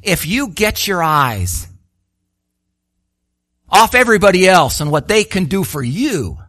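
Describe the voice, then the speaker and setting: A man preaching a sermon, animated and full of rhetorical questions, acting out the voices he quotes. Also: high voice, unhurried, dry recording, studio quality.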